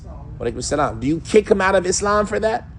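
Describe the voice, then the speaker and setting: A man's voice: high voice, very animated, fast, slight background noise. A man teaching a class on a classical text, firing rhetorical questions at the group and answering them himself. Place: mosque hall.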